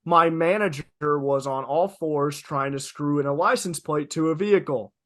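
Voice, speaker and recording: A young man co-hosting a podcast, telling stories in an animated, emphatic way, swearing freely and repeating lines for effect. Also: a little high, moderate pace, no echo. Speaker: podcast co-host. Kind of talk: casual podcast storytelling.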